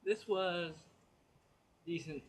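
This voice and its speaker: A man's voice: high voice, very slow, a little hiss or hum. A man giving a casual spoken comic book review, chatty and rambling as he retells the plot.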